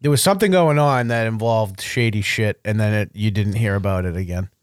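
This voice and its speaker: A man's voice: lowish voice, brisk, smooth, dry recording, studio quality. A man co-hosting a casual podcast, loose and laughing, swearing freely and trailing off. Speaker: podcast co-host. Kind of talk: casual chat.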